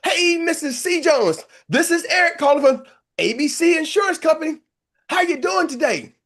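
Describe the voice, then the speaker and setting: A man's voice: extremely high pitch, expressive, normal speed, pitched above the performer's own voice. A man putting on the voice of an eager young agent cold-calling sales leads in a chirpy, upbeat phone patter.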